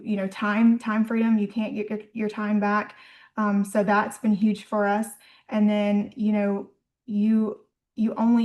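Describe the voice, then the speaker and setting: A woman hosting a business info call, sharing her experience in a halting way with many ums. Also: mid-range voice.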